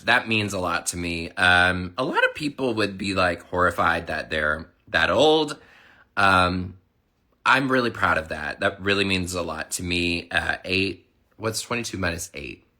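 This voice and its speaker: A man in his thirties who is sick and hoarse, chatting casually and rambling through a livestream. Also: low voice, sing-song, a little slow, pushed and bright. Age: 30s. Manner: rambling, chatty, lots of fillers. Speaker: livestream host.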